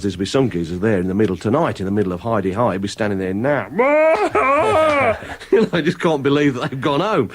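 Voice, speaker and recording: A man chatting casually on a radio show as a regular contributor, rambling through anecdotes and mimicking voices for comic effect. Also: fairly low pitch.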